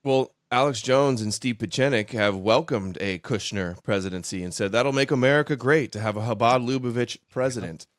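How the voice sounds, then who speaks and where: A man hosting a casual political chat show, measured and a bit hesitant, repeating words as he thinks. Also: mid-range voice, no echo, studio quality. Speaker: podcast host.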